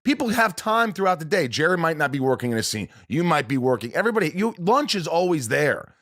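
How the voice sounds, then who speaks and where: A male podcast host in casual chat, joking and animated, who slips into impressions of people. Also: a little high, quick pace.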